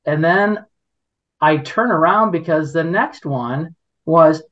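Slow-talking indignant man, dull recording. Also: a little high, a bit bright. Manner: indignant, rambling with restarts. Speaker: podcast host. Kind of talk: casual storytelling chat.

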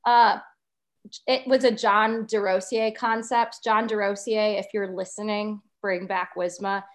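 A woman's voice: mid-range voice, flat delivery, unhurried. A young adult woman, a podcast co-host chatting as a guest with wry humor. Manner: wry, laughing easily. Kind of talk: casual chat.

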